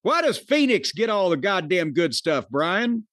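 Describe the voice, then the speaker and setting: A man's voice: high-pitched, big pitch swings, a little slow, a bit bright, dry recording. A man hosting a podcast, giving profane, opinionated reviews of a wrestling show with dry jokes. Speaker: podcast host. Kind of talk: casual wrestling review chat.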